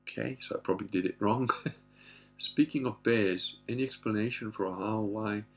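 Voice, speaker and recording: A man's voice: on the low side, normal speed. A man chatting casually, telling rambling stories with swearing and acted-out voices. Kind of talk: casual chat. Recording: echoey room with music.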